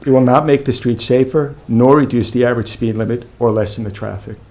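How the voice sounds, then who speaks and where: Gravelly man reading a public comment. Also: medium pitch, level tone, fairly quick, dark tone. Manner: reads prepared statement, firm and factual. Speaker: resident speaking at public comment. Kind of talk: public comment at a village board meeting.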